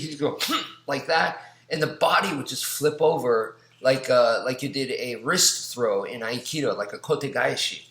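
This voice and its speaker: A man's voice: mid-range voice, a bit bright. A man casually recalling his old martial arts teacher, rambling with many fillers as he demonstrates moves. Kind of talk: casual storytelling. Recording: echoey room.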